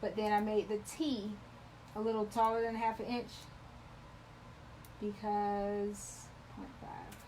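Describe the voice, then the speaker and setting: A woman's voice: mid-range voice, little pitch movement, slow, pauses often, background noise. A talkative woman chatting with viewers while demonstrating embroidery on a live stream. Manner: talkative, loves to chat with viewers; greets viewers by name while working. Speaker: embroidery livestream host.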